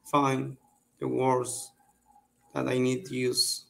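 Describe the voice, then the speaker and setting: Slow, gravelly man. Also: medium pitch, completely flat delivery, a bit bright. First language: Spanish. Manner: hesitant, searching for words, frequent restarts. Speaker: English learner. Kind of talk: online English lesson. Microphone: video call.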